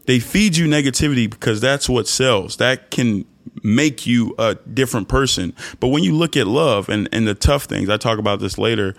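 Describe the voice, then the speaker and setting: A man's voice: normal speed, creaky. Earnest young man preaching on a podcast. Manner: earnest, preachy, jumps into high mock voices for emphasis. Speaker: podcast host. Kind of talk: faith-based motivational monologue.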